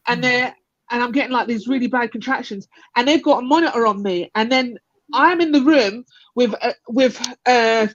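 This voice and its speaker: A chatty woman with a slightly high voice, speaking at normal speed, tells a birth story as a guest on a live panel. She rambles, laughs a lot, and does voices for quoted lines. There's no room sound, and the call audio is dull and lo-fi.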